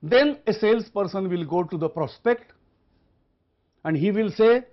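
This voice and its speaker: Man, lecturer, high-pitched, emphatic, repetitive, rhetorical questions, muffled lo-fi recording. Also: sing-song, normal speed. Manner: emphatic, repeats key points, asks rhetorical questions. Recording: dull lo-fi recording.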